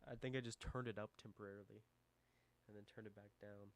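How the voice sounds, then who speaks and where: A man streaming live as he builds a model kit, talking to himself in a mumbling, self-deprecating way that trails off, on a desk mic turned down low. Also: steady tone, fast. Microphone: desk microphone with low gain. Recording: faint hum and buzz behind.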